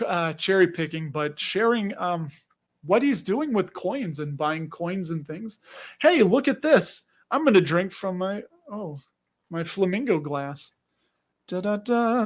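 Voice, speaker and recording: A man with a Chicago accent hosting a casual livestream, rambling and chatty, laughing often as he reads comments. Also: high voice. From Chicago area. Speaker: livestream host.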